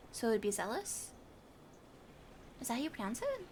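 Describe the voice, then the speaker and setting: A woman with a fairly high voice plays through a game on stream, talking casually and poking fun at herself. Noticeable background noise sits under her voice throughout. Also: big pitch swings, normal speed, pauses often, a bit bright. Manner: chatty and self-deprecating, musing aloud. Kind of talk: casual let's-play commentary, reading game text aloud.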